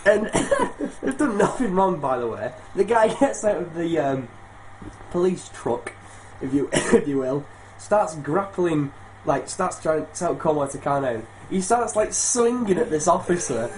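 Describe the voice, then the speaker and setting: A young Englishman co-hosts a casual chat show, telling a rambling anecdote and laughing through it, with plenty of swearing. The recording carries a steady layer of noise. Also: fairly high pitch, unhurried. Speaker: podcast co-host. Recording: noisy home recording.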